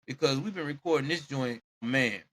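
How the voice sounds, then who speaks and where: A man's voice: medium pitch, moderate pace, a bit bright, breathy edge. A man hosting a podcast, telling a true-crime story casually and animatedly, with exclamations and laughter. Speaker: podcast host.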